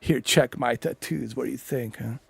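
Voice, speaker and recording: A man voicing a sleazy smooth-talking Texan pickup guy in a low, soft, crooning voice with slow, oily flattery. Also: a little hiss or hum. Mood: seductive.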